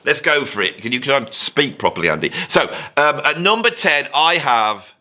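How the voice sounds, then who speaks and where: Man, middle-aged, bright forceful tone, sarcastic rambling rant to camera. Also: medium pitch, very animated, moderate pace. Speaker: drummer and video host. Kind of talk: opinionated ranking monologue.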